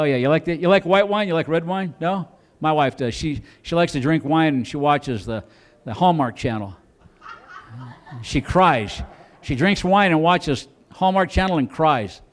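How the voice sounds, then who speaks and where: Speaking at a measured pace, a man performs stand-up in a comedy club, his voice sitting a bit high for a man. He wanders through animated stories and trades banter with the crowd, occasionally breaking into loud, exaggerated put-on voices for his bits.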